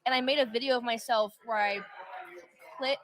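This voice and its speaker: A woman's voice: on the high side, steady tone, a little fast. A woman guest chatting on a livestream, telling rambling stories with giggles. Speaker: stream guest. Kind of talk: casual group chat on a livestream.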